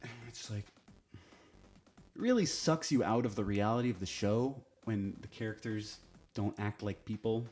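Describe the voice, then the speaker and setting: A man's voice: on the low side, moderate pace, darkish tone, soft background music. A man giving a casual, opinionated TV review, speaking bluntly and swearing freely. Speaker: TV show reviewer.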